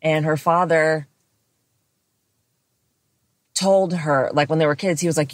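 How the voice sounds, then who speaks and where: A woman's voice: deep voice, steady tone, slow, no echo. An American woman co-hosting a podcast, ranting bluntly and swearing heavily in casual chat. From United States. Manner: blunt, heavy swearing, rants. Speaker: podcast co-host.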